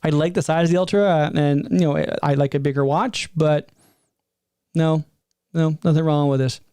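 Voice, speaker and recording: A man in his fifties giving a rambling, animated spoken reaction from his desk, with exasperated asides. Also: fairly high pitch, moderate pace, clear, resonant tone, dry recording, studio quality. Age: 50s. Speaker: tech streamer. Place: at a desk before a green screen.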